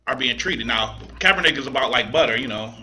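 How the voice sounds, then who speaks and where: A man's voice: medium pitch, expressive, fast talker, pushed and bright, low-quality recording. A man in casual podcast chat, joking and swearing freely.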